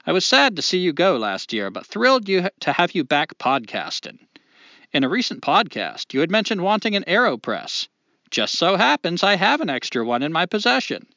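A man's voice: sits high, wildly swooping pitch, moderate pace, sharp tone, no echo, muffled recording, voice pushed up, heavily acted. A man putting on a light Californian listener voice. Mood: friendly. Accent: light put-on Californian. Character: male listener, forty-six, reading his letter.

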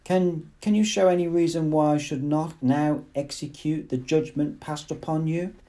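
A man's voice: on the high side, fairly even intonation, moderate pace, warm tone, voice pushed up, natural voice. A man voicing a stern, pompous male director who makes accusing speeches. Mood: outraged.

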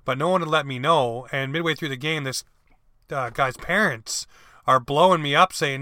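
A man's voice: fairly high pitch, normal speed, pushed and bright, dry recording, studio quality. A man hosting a casual podcast interview who asks long, rambling questions. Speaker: podcast host.

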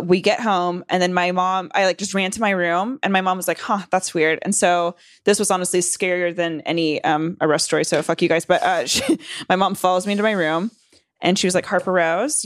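A woman in her twenties from Southern California chats through a meandering story laced with profanity, fillers, and restarts, acting out quoted voices in a higher pitch. The studio-quality recording has no echo.

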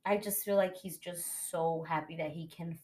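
A young woman with a slightly low voice tells a heartfelt personal story on a podcast. She chats casually and acts out the people she quotes. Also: fairly even intonation, normal speed, a little mellow, a little hiss or hum. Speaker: podcast host. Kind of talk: casual chat.

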